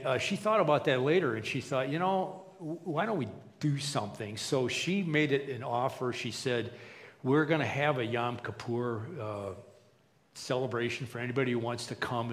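A man's voice: mid-range voice, moderate pace, a bit bright. Guy preaching in church, talks loose and chatty, lots of um and uh, big echoey hall sound. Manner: conversational, many fillers and restarts. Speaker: pastor. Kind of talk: sermon.

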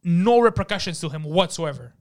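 High-voiced man telling wild stories. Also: fairly quick. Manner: animated, profane, acts out quotes. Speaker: podcast guest. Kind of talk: casual storytelling. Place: studio.

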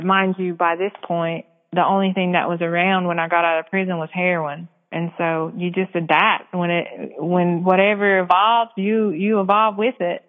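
A young adult woman telling her own story as a podcast guest, casual, frank and quick to laugh. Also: mid-range voice. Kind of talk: candid storytelling. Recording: tinny phone-like line.

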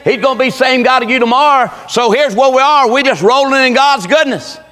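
High, bright preacher man. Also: brisk, in a large hall. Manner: folksy storytelling with Southern dialect, rising to shouts. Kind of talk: sermon.

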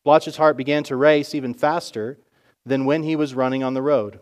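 A male pastor narrating a story in a sermon with expressive storytelling. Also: medium pitch, moderate pace.

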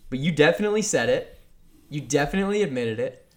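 A man's voice: a little high, expressive, fast talker. Teasing, cursing podcast co-host man. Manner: teasing, swears freely, rambling. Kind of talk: casual chat.

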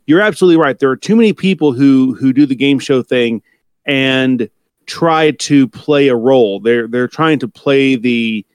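A man's voice: mid-range voice, moderate pace, clean tone, no room sound. A man from the United States co-hosting a casual talk show, rambling and correcting himself often with many fillers. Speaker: podcast co-host. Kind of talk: casual chat.

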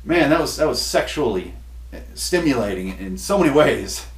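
A man's voice: medium pitch, sing-song, moderate pace, natural voice. A man voicing a frustrated, lewd male ghost who groans and whines about his troubles. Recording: roomy echo, distant mic.

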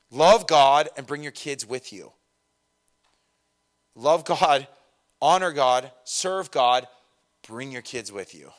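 A middle-aged man delivers a sermon in an easy, conversational manner, pitched at an ordinary middle height for a man. He mixes scripture with candid, self-deprecating asides and keeps the delivery lively. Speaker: pastor.

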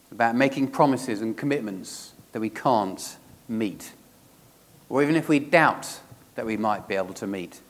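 A man's voice: fairly high pitch, long reverb tail. A man preaching a sermon, reading scripture aloud and then asking his listeners searching questions.

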